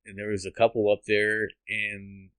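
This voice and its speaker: A man's voice: lowish voice, monotone, moderate pace, a bit bright, smooth, no echo. Earnest man telling a rambling testimony. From United States. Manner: earnest, rambling, restarts and laughs. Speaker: podcast guest. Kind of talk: emotional testimony.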